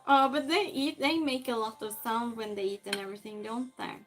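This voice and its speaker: Over music and in a low-quality recording, a woman with a slightly high voice talks a little fast with fairly even intonation. She's casually chatting on a live stream, reading and replying to viewers' messages as she shifts things around her small space.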